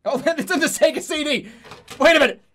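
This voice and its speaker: A man streaming a video game live, reacting excitably with lots of swearing and laughter. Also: extremely high pitch, a little fast. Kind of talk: live gaming commentary.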